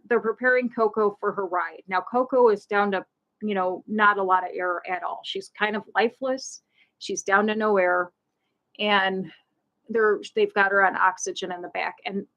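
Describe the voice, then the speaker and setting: A woman hosting a live stream, telling a personal story in a halting way, often repeating words and restarting, laughing now and then through sad moments. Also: mid-range voice, a bit bright, low-quality recording. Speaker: host.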